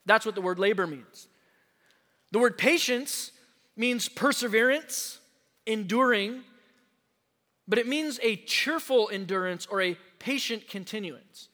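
High, bright-voiced preaching man. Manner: emphatic, slows down to stress key words; addresses the congregation directly. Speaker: pastor. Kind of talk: sermon. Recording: long hall reverb.

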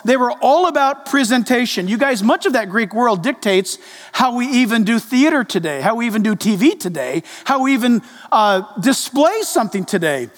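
A male pastor preaching a sermon in a church, animated and speaking directly to the congregation. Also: very high-pitched, normal speed. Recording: echoey reverb of a large hall.

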